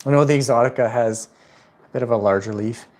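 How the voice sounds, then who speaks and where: A man's voice: mid-range voice, quick pace, a little mellow. A man hosting a casual plant livestream from home, chatting loosely with viewers in a rambling way. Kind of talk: casual livestream chat answering viewer questions. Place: at home indoors.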